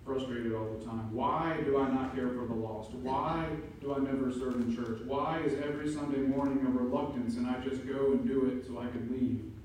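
A man preaching an emphatic sermon as pastor, building to loud peaks. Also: medium pitch, fairly even intonation, normal speed, a little hiss or hum. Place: church sanctuary. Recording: echoey room from far off.

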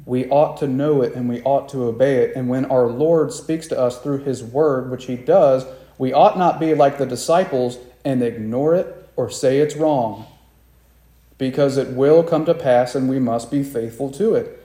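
A pastor preaches a sermon in an echoey room, his mid-range voice warm and at normal speed. When quoting the disciples, he acts them out with raised voices.

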